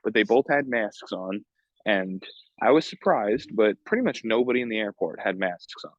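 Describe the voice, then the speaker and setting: A man's voice: lowish voice, expressive, moderate pace, no echo. A young man from New York with a New York accent tells a story on his podcast. He talks in slang, swears a lot and fills gaps with fillers. The audio is dull and lo-fi, with a dry, close sound. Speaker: podcast host.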